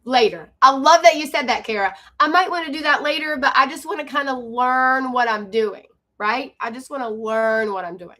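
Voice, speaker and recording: A woman hosts a live stream with a high, bright voice. She talks fast and chatty, calls out to viewers by name, and pitches her coaching program. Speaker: livestream host and online coach.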